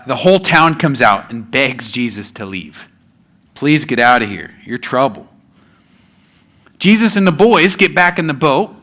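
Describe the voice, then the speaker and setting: A male pastor giving a sermon, telling a story and slowing down for emphasis, with casual asides to the congregation. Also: fairly high pitch, pushed and bright.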